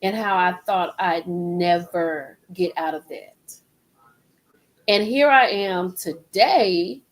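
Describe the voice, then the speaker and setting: A woman's voice: fairly low pitch, takes it slowly, poor audio. A middle-aged woman hosting a live stream, rambling in casual chat and repeating herself as she talks straight to her viewers.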